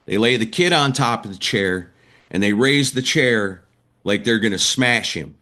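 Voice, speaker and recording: A man's voice: on the low side, animated, unhurried, pushed and bright. A man, a wrestling announcer and writer, vividly retelling stories as a guest in an interview, acting out the quotes. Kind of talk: animated storytelling in a podcast interview.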